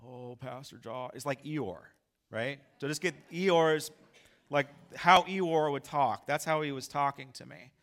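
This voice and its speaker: A male pastor telling a story in a sermon, animated and acting out his own lines loudly. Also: a little high, a little slow.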